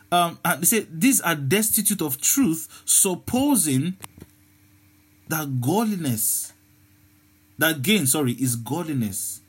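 Male preacher, husky and a little high, fervent, restless delivery full of repeats. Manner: fervent, repeats words and stumbles over them. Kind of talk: sermon.

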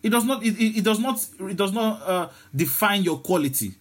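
A man's voice: high voice, lively intonation, a little fast, breathy edge. A man preaching a sermon, often repeating words and restarting his sentences.

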